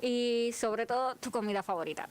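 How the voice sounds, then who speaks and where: A woman's voice: fairly high pitch, fast talker, clean tone. A woman from Ponce, Puerto Rico, co-hosting an interview show and chatting easily between Spanish and English. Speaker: co-host. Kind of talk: casual chat.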